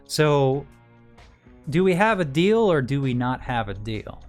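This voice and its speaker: A man's voice: medium pitch, sing-song, unhurried, faint music behind. A man voicing an impatient female business boss in a tabletop game. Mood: brusque.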